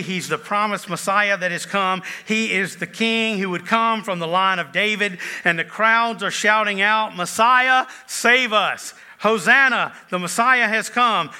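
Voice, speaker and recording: A man preaching to his congregation with a very bright, ringing voice pitched a little high. He stacks up repeated phrases, rising loud and drawn out on the key words, then sinking soft and low. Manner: repeats titles and phrases in building lists. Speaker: pastor. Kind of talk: sermon.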